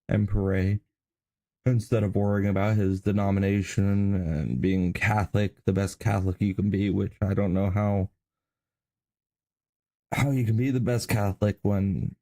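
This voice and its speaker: A man hosting a commentary show about video clips, speaking in a calm, measured, disapproving way. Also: on the low side, creaky, dry recording. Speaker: host.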